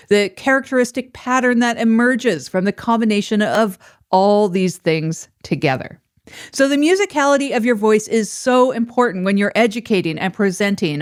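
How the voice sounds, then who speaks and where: A middle-aged woman hosting an educational podcast, explaining clearly and measuredly with casual fillers. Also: medium pitch, dry recording, studio quality. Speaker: podcast host.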